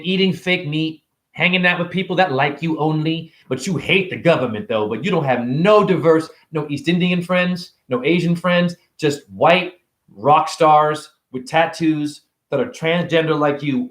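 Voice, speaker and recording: A middle-aged man, a self-styled spiritual teacher, giving a profane, confrontational freestyle lecture. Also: a little high. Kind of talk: freestyle preachy rant. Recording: echoey room.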